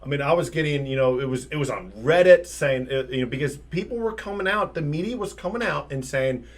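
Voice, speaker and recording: A man co-hosting a sports talk podcast, talking in an animated, rambling way with many fillers. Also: on the high side, fairly quick. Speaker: podcast co-host.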